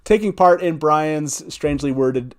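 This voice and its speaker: An upbeat man hosts a live call-in stream, laughing easily as he welcomes each caller. His voice sits a little high for a man. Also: unhurried, a little hiss or hum. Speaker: host. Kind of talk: live call-in show chat.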